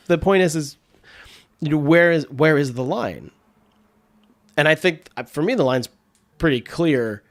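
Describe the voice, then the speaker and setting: A man hosting a podcast in casual chat, with congested sinuses, rambling and restarting his sentences with frequent laughs. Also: mid-range voice. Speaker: podcast host.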